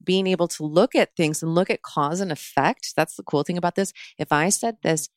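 A low-pitched woman talks through a mindfulness practice in a relaxed podcast conversation. She is calm and earnest and walks through each step with plenty of fillers. The recording is close and dry. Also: fairly quick, no room sound. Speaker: mindfulness teacher. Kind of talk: casual podcast chat.

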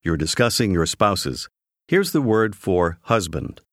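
Male lesson narrator, low voice with a very lively melody, measured studio delivery. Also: dry recording. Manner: clear, measured prompting. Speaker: language course narrator. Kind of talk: scripted instructional narration.

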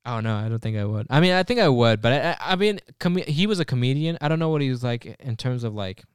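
A man's voice: medium pitch, animated, fast, smooth, no echo, clean studio sound. A man co-hosting a podcast, chatting casually in a loose, rambling way and swearing now and then. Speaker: podcast co-host. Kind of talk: casual chat.

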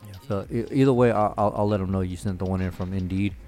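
A man, a slightly low voice and faint music behind him. He chats casually, swearing freely and telling stories, often breaking into laughter. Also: fairly even intonation, fast talker, mellow. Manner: profane storytelling, laughs often. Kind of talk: casual chat.

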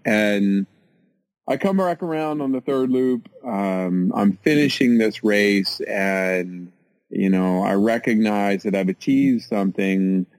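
A man's voice: on the low side, slow, darkish tone, dry recording, low-quality recording. An American man telling a story in an interview, casual and self-mocking, with lots of fillers and restarts. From United States.

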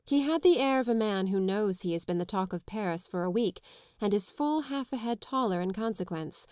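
A woman reads a classic novel aloud for an audiobook. Her reading is steady and clear, in a mid-range voice. The sound is dry and close, with no room around it. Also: medium pitch, no room sound. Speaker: audiobook reader. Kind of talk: scripted literary narration.

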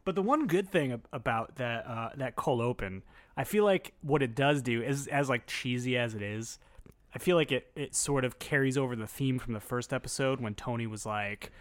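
A podcast host rambles through a casual chat, full of fillers and restarts. He has a mid-range voice at normal speed, and the recording is dry.

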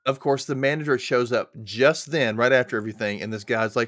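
A man's voice: medium pitch, brisk, fairly bright tone, dry recording. Chatty man recapping a story. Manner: chatty, retells scenes with quoted lines. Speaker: podcast co-host. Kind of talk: casual recap chat.

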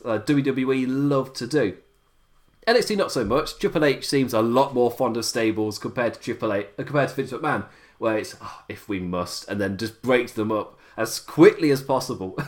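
A young man hosting a podcast, rambling casually and thinking aloud, with frequent short laughs. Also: mid-range voice. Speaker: podcast host.

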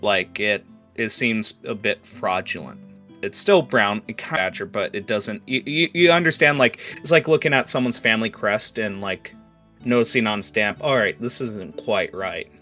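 A man's voice: lowish voice, normal speed, pushed and bright. A man narrating as game master of a tabletop game, rambling with restarts, over faint guitar music. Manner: rambling, many fillers and restarts.

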